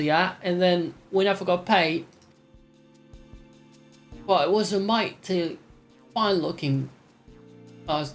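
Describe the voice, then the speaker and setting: A man's voice: high-pitched, fairly bright tone, voice pushed up. A man voicing a rowdy, boastful male refugee laborer in a game, with a folksy drawl and tag questions.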